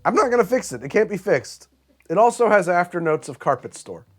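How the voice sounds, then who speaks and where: A man hosting a cocktail show, reviewing bad drinks with theatrical disgust and deadpan asides. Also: sits high, a little fast.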